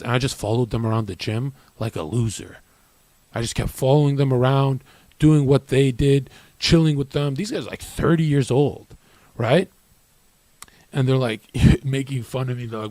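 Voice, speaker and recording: A man's voice: medium pitch, moderate pace, a little mellow, no echo. A man giving a blunt, profane rant as a streamer, often ending lines with "right?". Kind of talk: brash motivational rant.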